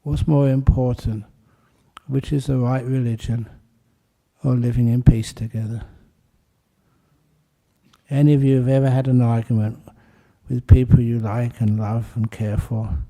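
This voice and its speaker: A man giving a Buddhist dharma talk, speaking in an unhurried way with a gentle, humorous storytelling manner. His voice has a gravelly, creaky texture, and he takes his time between phrases. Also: medium pitch, flat delivery. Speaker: Buddhist teacher.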